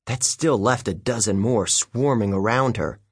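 A man's voice: lowish voice, measured pace, breathy edge, no echo, studio quality. A man narrating a children's audiobook in the first person, with a wry storytelling manner. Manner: lively, wry storytelling with youthful character voices.

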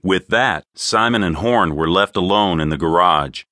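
A man narrating an audiobook in an expressive, crisp storytelling manner. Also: low voice, normal speed, no room sound, studio quality. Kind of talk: scripted narration.

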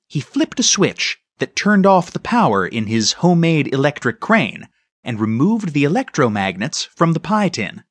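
A man narrating a children's storybook in a husky voice. His pitch moves in a lively, storytelling way. The studio recording is close and dry. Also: normal speed, dry recording. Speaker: audiobook narrator. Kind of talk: scripted narration.

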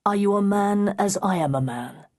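A woman's voice: medium pitch, animated, normal speed, darkish tone, voice pushed up, natural voice. A woman doing a bewildered, earnest sea captain. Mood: questioning. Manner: earnest, searching questions. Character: shipwrecked male sea captain, rational and bewildered. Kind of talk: audiobook character voicing.

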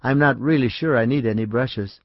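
A kindly older mother speaking gently and hospitably, voiced by a male storyteller. Her lines stay soft and unhurried. The sound is dry and a little dull, close to the mic. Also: mid-range voice, no room sound, lightly acted. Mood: gentle. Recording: dry, slightly dull audiobook recording.

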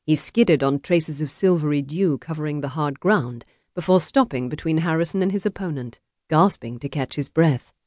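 A woman narrating an unabridged historical romance audiobook in a measured storytelling manner. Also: deep voice, a little mellow, no room sound. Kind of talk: scripted narration. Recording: dry, close studio audiobook.

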